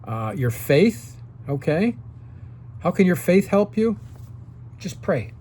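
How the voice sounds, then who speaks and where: A man's voice: sits high, very animated, takes it slowly, warm tone, slight background noise. A man in his sixties giving casual advice to seniors straight to the camera, coaching and often checking in with "okay?". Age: 60s.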